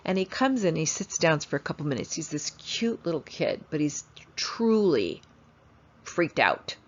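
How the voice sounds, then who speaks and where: A woman's voice: deep voice, measured pace. A woman instructor telling stories in a lecture, acting out quoted voices as she goes. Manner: animated, acts out quoted voices in her stories. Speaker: family therapist and instructor. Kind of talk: storytelling lecture. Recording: dull lo-fi recording.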